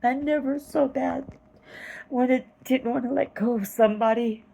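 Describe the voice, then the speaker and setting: A woman earnestly retelling a vivid dream in a slow, halting way, close to tears at times. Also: high voice, steady tone, vocal fry, warm tone, rough recording. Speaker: vlogger telling a dream. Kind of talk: personal storytelling.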